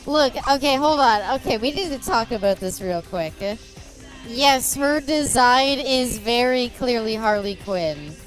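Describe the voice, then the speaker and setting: A young Canadian woman with a Canadian accent chats her way through a game stream. Her voice sits slightly high and she talks slowly, often breaking into giggles. Faint game music plays behind her. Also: lively intonation. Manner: giggly, chatty, rambling. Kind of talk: gameplay commentary.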